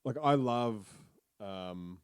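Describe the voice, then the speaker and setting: A man's voice: on the low side, very slow, clean tone, no echo. A man co-hosting a podcast, bantering and joking about movies. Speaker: podcast co-host. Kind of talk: casual movie chat.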